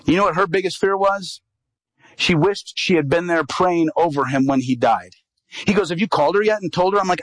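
A man's voice: high-pitched, lively intonation, fairly quick, dry recording, rough recording. A middle-aged man, an evangelist, telling a personal story in a sermon and acting out the quoted dialogue.

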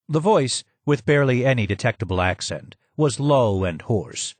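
A man narrating a first-person audiobook in a measured, descriptive way. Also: medium pitch, expressive, husky, no echo.

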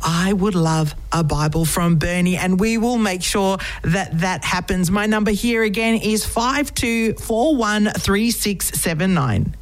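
A woman's voice: mid-range voice, unhurried, few pauses, rough recording. Encouraging woman radio host. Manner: encouraging, affirming interviewer. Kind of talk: radio interview.

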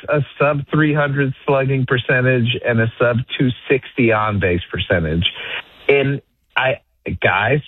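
A man's voice: mid-range voice, no echo, narrow, tinny audio. A man talking baseball as a guest on a sports radio show, self-deprecating and packed with statistics, restarting his sentences often. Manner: self-deprecating, stat-heavy, frequent restarts. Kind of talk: casual sports radio chat.

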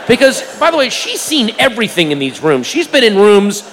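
A man doing stand-up storytelling on a stage, animated, incredulous and self-mocking. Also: high voice, a little fast, few pauses, background noise. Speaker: stand-up comedian. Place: live comedy venue, large hall. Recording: long hall reverb, faint ambience.

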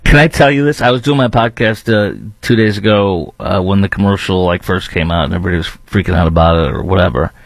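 A man hosting his own podcast, giving animated, mocking commentary and laughing between remarks. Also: low voice, fast talker, vocal fry, few pauses, no echo. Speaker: podcast host. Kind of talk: opinionated commentary.

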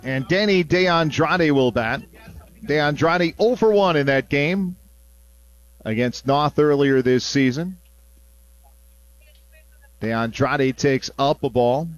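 A male play-by-play announcer on a baseball radio broadcast, his voice sitting slightly high. The sound is close and dry, straight into a booth microphone. He shifts easily between calling pitches and relaxed, chatty asides. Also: dry recording.

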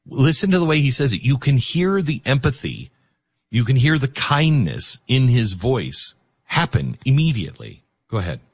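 A man's voice: medium pitch, big pitch swings, moderate pace, slightly rough, no room sound, clean studio sound. A man hosting a talk radio show, speaking in an emotional, emphatic way.

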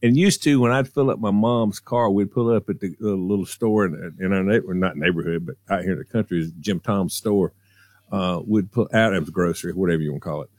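A man telling a childhood story on a radio talk show, animated and acting out voices. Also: low voice, a little fast, dry recording. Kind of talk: casual storytelling.

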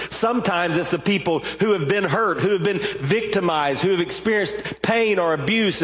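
A male pastor preaching a sermon, emphatic, rising to fervent stretches and slowing down for weighty points. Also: sits high, a bit bright. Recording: long reverb of a large hall.

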